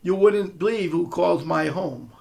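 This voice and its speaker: A man's voice: high voice, measured pace, gravelly, darkish tone. A man delivering a confrontational monologue, scolding and mocking someone he speaks to directly. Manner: sarcastic, mocking. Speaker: online commentator.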